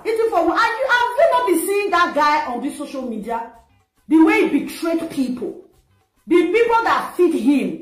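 A Nigerian woman scolds and mocks in a high voice, sliding between English and pidgin. The sound carries a roomy echo, with faint music underneath. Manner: mocking, scolding, mixes pidgin. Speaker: social media commentator. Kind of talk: ranting commentary. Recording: echoey room with faint music.

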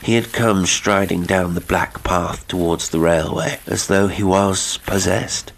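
A man reading a classic horror story aloud as an audiobook narrator, in measured, dramatic storytelling. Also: deep voice, fairly even intonation, creaky.

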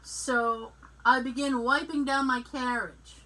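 A woman co-hosting a podcast, telling a story in casual chat, animated and laughing often as she acts out the dialogue. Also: sits high, slow, rough recording. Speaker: podcast co-host.

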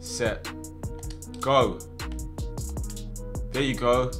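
A young man giving casual, slangy commentary over his own football video game matches, with sudden loud outbursts at big plays. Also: medium pitch, steady tone, drawn-out words, over music. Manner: casual slangy chat to viewers. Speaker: gaming video host. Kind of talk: live gameplay commentary.

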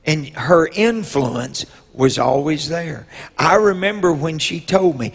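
A man, a bishop preaching a sermon as a personal story, telling it slowly with drawn-out pauses and rising to loud emotional peaks. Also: on the high side, lively intonation, vocal fry, husky. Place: church sanctuary. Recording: long reverb in a church hall.

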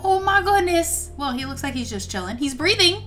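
A young woman playing a story game, reacting with excitable gasps and exclamations. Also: sits high, fairly quick, faint music behind. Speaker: gaming YouTuber. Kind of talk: let's play commentary, reading story aloud.

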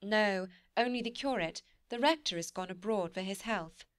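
A woman's voice: medium pitch, moderate pace, no room sound, clean studio sound, lightly acted. A woman voicing an eager, playful young wife who coaxes and wheedles. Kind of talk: audiobook character reading.

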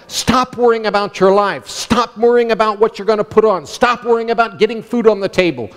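A man's voice: sits high, normal speed. A man preaching a sermon as pastor, emphatic and calling out to his congregation. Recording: long hall reverb.

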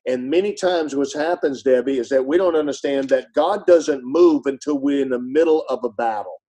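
A middle-aged man, a pastor and author, telling stories in an earnest, conversational preaching way, his voice dropping soft and low when he speaks of grief. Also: moderate pace, breathy edge, low-quality recording. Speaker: pastor and author, podcast guest.

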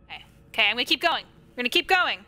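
A woman's voice: on the high side, animated, racing, sharp tone. A young woman streaming a game live, chatting to the game and greeting her viewers. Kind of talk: live gameplay commentary.

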